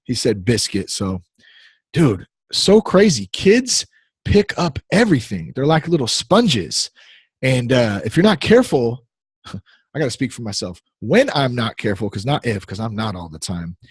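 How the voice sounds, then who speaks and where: A man's voice: medium pitch, sing-song, a little slow, husky, no room sound. A man in his thirties hosting a podcast, talking casually in a rambling, easily distracted, playful way. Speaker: podcast host.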